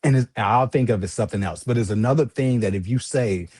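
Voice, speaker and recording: Husky man telling a lively story. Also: quick pace, dry recording. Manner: animated, laughs often, jumps into high voices when quoting. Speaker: livestream host telling a story. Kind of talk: casual storytelling.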